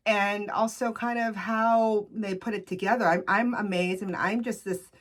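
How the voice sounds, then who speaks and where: A woman's voice: medium pitch, steady tone, moderate pace. A woman hosting a solo podcast, chatting casually and reading facts aloud with fillers and small self-corrections. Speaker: podcast host.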